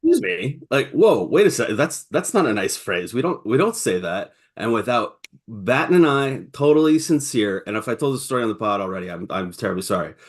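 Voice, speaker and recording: A man co-hosting a podcast, telling a story in an animated way and often stumbling and repeating words, over a video call. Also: on the low side, a little fast, few pauses. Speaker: podcast co-host. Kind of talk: casual chat.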